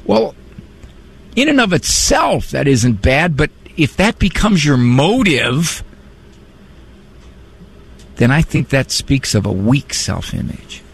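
Brief: middle-aged male radio host, gravelly voice, wry monologue. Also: fairly high pitch, big pitch swings, slow, long pauses. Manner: conversational, wry, preachy asides. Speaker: radio call-in host and psychologist.

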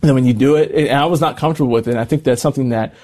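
A young man speaks quickly as an interview guest, his voice mellow and warm. He tells stories in an easygoing, animated way, full of casual slang. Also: mid-range voice. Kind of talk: casual conversation.

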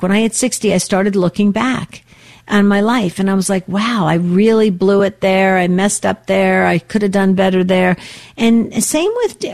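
A woman in her sixties hosts a call-in radio show. She talks in an earnest, rambling way, drifting into personal stories between callers. Her pitch sits in an ordinary middle range. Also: a little mellow, dry recording, studio quality. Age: 60s.

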